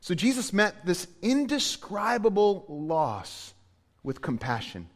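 A man preaches a sermon with a slightly high voice, dropping to hushed tones before rising into loud, emphatic lines. His voice rings with the long reverb of a church hall. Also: big pitch swings, slow. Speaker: pastor.

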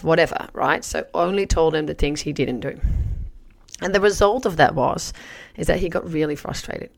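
Gravelly-voiced woman coach telling a story. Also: deep voice, moderate pace. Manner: chatty, animated, acts out her own past remarks. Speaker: life coach and trainer. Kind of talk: teaching talk with a personal story.

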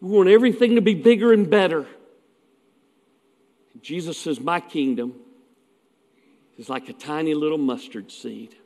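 High-voiced pastor preaching in a hall. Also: male voice, moderate pace, pauses often, a little mellow. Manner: folksy storytelling with asides. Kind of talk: sermon.

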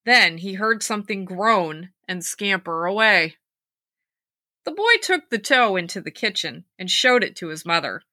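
A woman hosting a podcast, reading scary stories aloud and chatting about them, with lively acted-out quotes. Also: medium pitch, measured pace, no room sound, clean studio sound. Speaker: podcast host and storyteller.

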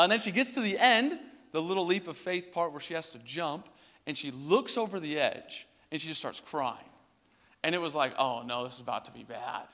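Bright-voiced young pastor in a reverberant hall. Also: male voice, a little high. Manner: casual storytelling with many fillers. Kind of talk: sermon with personal story.

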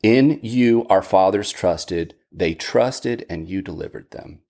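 A man's voice: low-pitched, animated, takes it slowly, warm tone. A man teaching a Bible study lesson in an earnest way, often restarting and repeating words.

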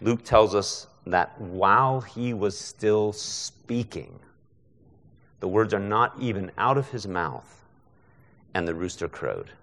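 Male guest preacher, lowish voice, conversational sermon, long hall reverb. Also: lively intonation, slow pace, a bit bright. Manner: conversational, frequent rhetorical "right?". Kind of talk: expository sermon.

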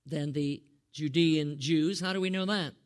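High-voiced animated preacher. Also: male voice, unhurried, smooth. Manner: animated, rhetorical questions, chuckles often, addresses listeners by name. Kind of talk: sermon.

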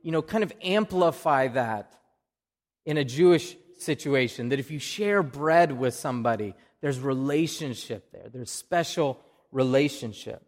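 A man's voice: mid-range voice, lively intonation, a little slow, big-room sound. A man with an Oklahoma accent preaching a sermon in a conversational way, often repeating a word as he restarts a phrase. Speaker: pastor. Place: church.

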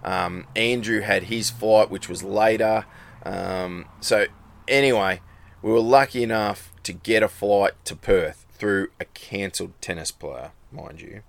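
A man's voice: on the low side, unhurried, creaky, no room sound. A middle-aged Australian man with an Australian accent, a rally racer telling a rambling story in casual chat and acting out the dialogue. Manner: rambling, acts out quoted dialogue.

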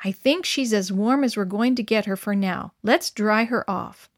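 Brief: woman reading a busy mom in a children's story, brisk and firm, a touch higher, dry close sound. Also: dry recording, close to an everyday voice. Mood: calm. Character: busy mother scolding her two boys.

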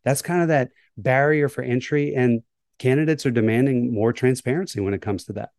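A man's voice: medium pitch, brisk, darkish tone, no echo, studio quality. A man, a workplace psychologist, answering interview questions in a thoughtful, hedging way. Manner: thoughtful, hedging with "right?" and "kind of".

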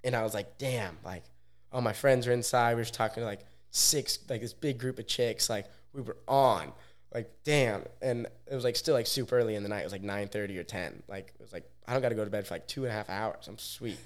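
A man's voice: on the low side, a little fast. A young man from Oregon, a podcast guest telling casual stories in a laid-back way, filling his speech with "like". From Oregon, USA. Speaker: podcast guest, pro athlete. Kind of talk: casual storytelling.

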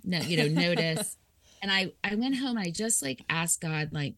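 A woman's voice: lowish voice, normal speed, dry recording. A woman author telling a personal story in conversation, laughing often and acting out her own thoughts. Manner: lively, laughing, acts out quoted thoughts. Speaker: author guest.

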